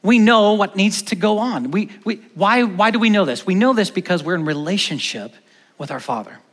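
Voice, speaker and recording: This high-pitched pastor preaches at normal speed, his animated sermon alternating between booming stresses and hushed emphatic phrases. The church hall gives it a long reverb.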